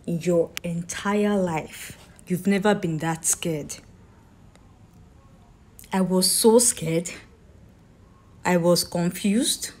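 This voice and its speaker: A woman tells how her father died, halting and repeating her words, with a pleading, accusing tone. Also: on the low side, mellow. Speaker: grieving daughter telling her story. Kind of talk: emotional personal account.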